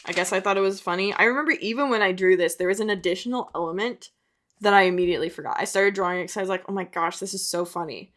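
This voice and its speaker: A woman's voice: mid-range voice, rapid-fire, fairly bright tone. A young adult woman, an artist and video creator, talking in a chatty, rambling way with self-mocking asides. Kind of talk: casual chat.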